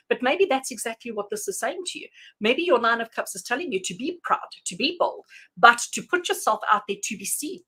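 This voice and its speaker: A woman giving tarot readings on a live stream, chatty and animated, addressing viewers by name and laughing often. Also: a little high, low-quality recording. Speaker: tarot reader.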